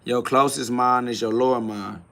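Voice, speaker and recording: A man's voice: mid-range voice, steady tone, normal speed, gravelly, bright, forceful tone. A man hosting a live stream, answering chat questions in a preachy, blunt way, with casual slang and quoted Bible verses. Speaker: livestream host.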